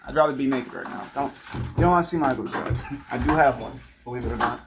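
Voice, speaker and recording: Casual male vlogger, profane rambling monologue, mid-pitched, set back from the mic in a roomy space. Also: fast, recorded from a distance, noisy background. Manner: rambling, profane, musing aloud. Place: room at home.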